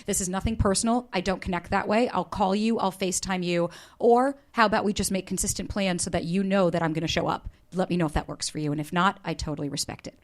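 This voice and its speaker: Woman, 30s, dating coach guest. Lively, candid storyteller who swears freely and acts out her quotes. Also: lowish voice, quick pace, hardly any pauses. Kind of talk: candid podcast interview.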